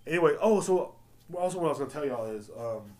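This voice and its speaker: A man hosting a solo podcast, ranting in a loud, profane, rambling way. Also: a little high, animated, fast talker. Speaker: podcast host. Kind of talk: casual solo podcast rant.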